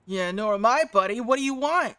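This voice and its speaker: A game streamer voicing a grumpy male detective who talks gruffly and sarcastically. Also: mid-range voice, lively intonation, fairly quick, bright, forceful tone, dry recording, voice pushed up.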